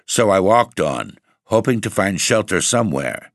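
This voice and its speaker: A man narrating a first-person story in a measured, clear storytelling manner. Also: fairly low pitch, lively intonation, dry recording, clean studio sound. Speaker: audiobook narrator.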